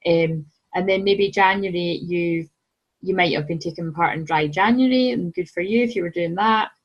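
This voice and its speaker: A woman's voice: lowish voice, moderate pace, highs cut off. A woman giving a casual weekly tarot card reading, chatty and rambling with lots of fillers and self-corrections.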